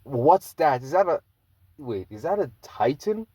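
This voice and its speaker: A man voicing an excited teenage boy who asks question after question in awe. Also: on the high side, a little slow, slightly rough, no echo, voice pushed up, exaggerated voice. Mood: awed.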